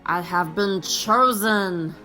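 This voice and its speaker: A woman voicing a solemn little toy alien in a mobile game, speaking in a slow, drawn-out, dreamy way. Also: medium pitch, bright, forceful tone, faint music behind, pitched below the performer's own voice. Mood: awed.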